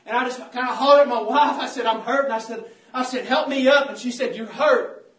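Fervent high-voiced preacher. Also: male voice, fairly even intonation, brisk, fairly bright tone. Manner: fervent, repetitive, calls out "saints of God". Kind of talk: sermon. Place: church. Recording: roomy church from a distance.

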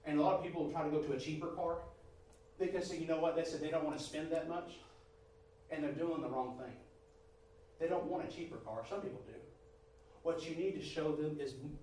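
A man preaching a testimony sermon, emphatic, swinging from quiet talk to near-shouting and calling his listeners brother and sister. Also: a little high. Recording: echoey hall from far off, faint noise.

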